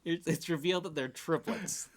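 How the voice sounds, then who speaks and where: A man's voice: on the high side, normal speed. A man co-hosting a podcast, riffing loosely in casual comedic chat and building up a made-up story as he goes. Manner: rambling, riffing on a made-up movie plot. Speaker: podcast co-host.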